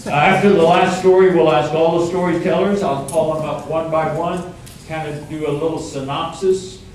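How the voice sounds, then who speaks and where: A man's voice: fairly high pitch, steady tone, normal speed, darkish tone. A man hosting a live storytelling event and explaining the rules in a loose, rambling way. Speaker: event host. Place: indoor event hall with audience. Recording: echoey hall, mic far off, crowd noise.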